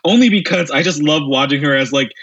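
A man's voice: on the high side, fast, a bit bright, slightly rough, dry recording, muffled recording. A man, a returning podcast guest, chatting casually and animatedly, often laughing. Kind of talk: casual chat.

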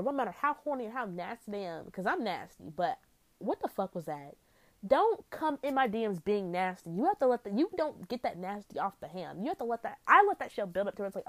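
A woman's voice: mid-range voice, very animated, a little fast, no echo. Blunt, profane young woman vlogging. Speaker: vlogger giving dating advice. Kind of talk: casual vlog monologue.

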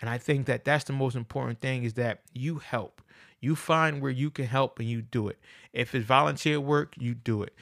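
A man's voice: mid-range voice, normal speed, creaky, a bit bright, no echo, clean studio sound. A man hosting his own podcast, talking in an earnest, casual motivational monologue and repeating phrases for emphasis. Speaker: podcast host.

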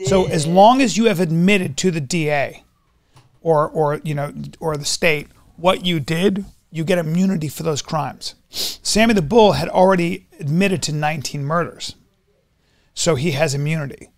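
A man's voice: a little high, normal speed. A man telling a story in a casual chat, acting out quoted dialogue with energy. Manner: animated retelling with quoted dialogue. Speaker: podcast guest.

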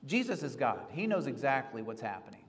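A male pastor preaching an earnest sermon, rising to pleading and then dropping to hushed reflection. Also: medium pitch, very animated, a little fast, long reverb tail.

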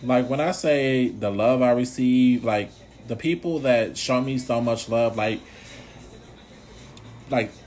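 A man chatting casually on his vlog, animated, swearing freely and laughing often. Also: medium pitch, takes it slowly, long pauses. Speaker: blogger.

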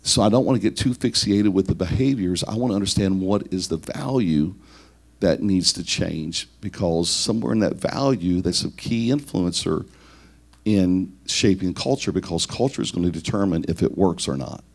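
A man with a very low, deep voice gives a leadership teaching talk to church leaders. He counts off his points one by one. He poses questions to his listeners and often repeats a word as he goes. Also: moderate pace, gravelly. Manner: lists numbered points, asks rhetorical questions, repeats words.

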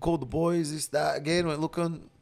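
A man with an Australian accent telling a story in casual talk, swearing constantly and getting loud and laughing as he tells it. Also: fairly high pitch, steady tone, brisk, gravelly. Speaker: interview guest.

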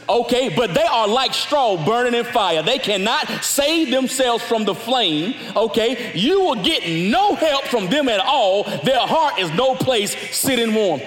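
High-voiced preacher man, all over the place pitch-wise, loud hall echo. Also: unhurried, few pauses. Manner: animated preaching, rising to shouts. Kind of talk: sermon. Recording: echoey hall with long reverb.

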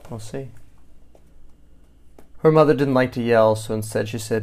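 A father reading a picture book aloud to his child, gently stopping to explain the story and answer questions. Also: medium pitch, measured pace, long pauses.

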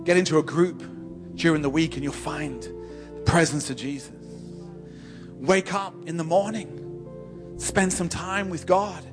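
Man, high voice, preaching sermon, emphatic, repetitive, loud then hushed, church, faint music behind. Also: fairly even intonation. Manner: emphatic, repeats and builds phrases, stammers on restarts; swings from loud exhortation to soft, slow intimacy.

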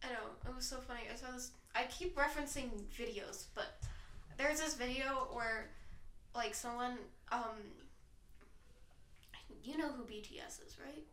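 A woman's voice: high voice, moderate pace, sharp tone, slight background noise. A young woman co-hosting a podcast in casual chat, full of "like" and little self-deprecating jokes. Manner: chatty, lots of fillers, self-deprecating jokes. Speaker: podcast co-host. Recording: roomy, distant mic.

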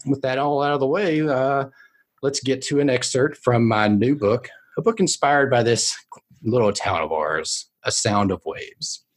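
A man's voice: mid-range voice, measured pace, pitched above the performer's own voice, close to an everyday voice. A man voicing a woman novelist with a nasal voice, who talks in a chatty, rambling way full of filler words. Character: female novelist back in her hometown.

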